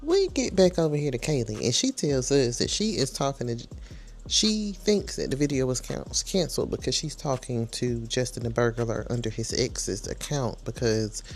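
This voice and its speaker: A woman's voice: very deep voice, creaky. Chatty woman recapping reality TV. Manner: chatty, slangy, scolds the people on the show. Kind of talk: casual recap commentary.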